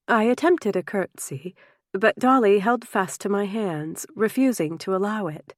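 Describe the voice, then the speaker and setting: A woman narrating a historical novel in first person, measured and expressive. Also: medium pitch, no room sound, studio quality. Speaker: audiobook narrator.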